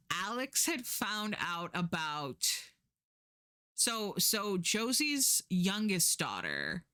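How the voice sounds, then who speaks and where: A woman's voice: low voice, pushed and bright. A young woman from the United States casually chatting as a streamer, retelling a story in a rambling way with lots of fillers and self-corrections, putting on voices for the people she quotes.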